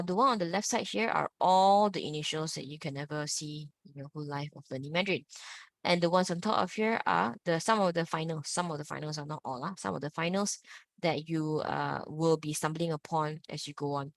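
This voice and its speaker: A woman leads an online Mandarin lesson and sings each tone in big exaggerated swoops for her students to copy. Her voice sits fairly low, and the recording is dry and close, as over a video call. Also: no echo. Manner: demonstrates tones in exaggerated swoops, repeat-after-me drills. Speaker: Mandarin teacher.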